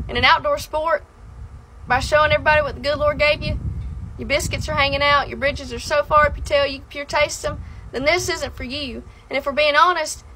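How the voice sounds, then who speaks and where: A woman from South Alabama with a strong Southern accent speaks in a high, bright voice. She rants bluntly and sassily at her commenters, folksy and unapologetic. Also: slight background noise. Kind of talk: outspoken social media rant.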